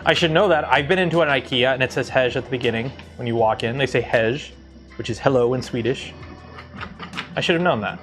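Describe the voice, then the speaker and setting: A man from Canada hosts a casual livestream, chatting loosely with viewers in a mid-pitched voice. He rambles, filling pauses with ums and correcting himself mid-sentence. Faint music plays behind him. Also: a bit bright. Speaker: livestream host.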